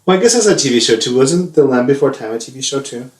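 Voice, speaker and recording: Podcast co-host, man in his thirties, rambling and chatty, mid-pitched voice, echoey room. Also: animated, fast. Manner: chatty, rambling, laughs often. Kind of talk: casual chat. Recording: roomy echo.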